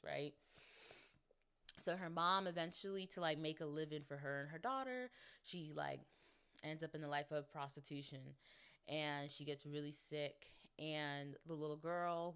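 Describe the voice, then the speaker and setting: Low-voiced chatty young woman. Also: smooth. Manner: rambling, chatty, lots of fillers; addresses listeners directly. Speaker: podcast host. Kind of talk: casual chat.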